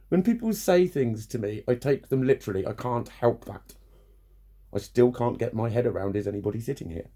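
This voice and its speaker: Man, blunt and sweary vlog rant, mellow mid-pitched voice. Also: lively intonation, a little fast. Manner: blunt, sweary, frequent laughs. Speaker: vlogger. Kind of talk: casual rant to camera.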